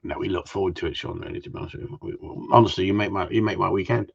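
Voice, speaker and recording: Husky middle-aged man, outspoken gundog trainer on a lo-fi live stream, rambling and profane. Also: sits low, steady tone, very fast. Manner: blunt, swears freely, rambling and opinionated. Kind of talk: casual live-stream rant. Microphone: live-stream mic.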